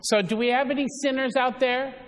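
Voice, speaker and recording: A man's voice: very high voice, fairly even intonation, fairly quick, big-room sound, background noise. A man giving a chatty homily, coaxing his congregation and stumbling into restarts as he talks. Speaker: preacher. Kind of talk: casual homily.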